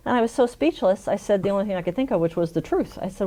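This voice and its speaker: A woman's voice: mid-range voice, lively intonation, very fast, few pauses, warm tone. A middle-aged woman in an oral history interview, telling a funny story with frequent laughs. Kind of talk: conversational storytelling.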